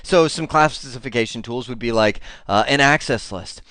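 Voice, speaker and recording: A male instructor explains technical material in a loose, conversational way, often stopping to restart his sentences. His voice sits at an ordinary middle pitch. The recording is dry and close, with no room echo. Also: moderate pace, bright, forceful tone. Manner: conversational, many fillers and restarts. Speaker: networking instructor. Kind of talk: technical lecture.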